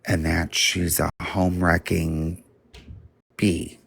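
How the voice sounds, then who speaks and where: Slow, gravelly, husky-voiced man. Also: low-pitched, little pitch movement, fairly bright tone, no room sound. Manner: profane, blunt storytelling. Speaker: livestreamer. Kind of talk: casual storytelling.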